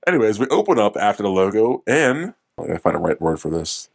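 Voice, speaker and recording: Low-voiced man rambling through a movie review. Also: big pitch swings, quick pace, gravelly. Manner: rambling, swears, self-correcting. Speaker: podcast co-host. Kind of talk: casual movie review chat.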